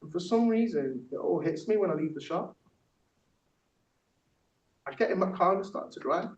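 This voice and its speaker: The recording, taken from a distance in an echoey theatre workshop room, sounds dull. A high-pitched, animated Yorkshire man at normal speed performs spoken word poetry with punchy rhythm as a workshop facilitator, then discusses it with a group.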